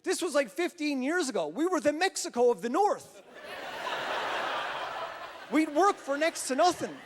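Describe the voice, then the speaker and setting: Hosting a comedy festival in a large theater before a live audience, a man from Newfoundland, Canada, tells stand-up jokes in a playful, self-deprecating way. His voice is very high and sing-song, at a normal speed. The recording carries hall reverb along with crowd and other noise.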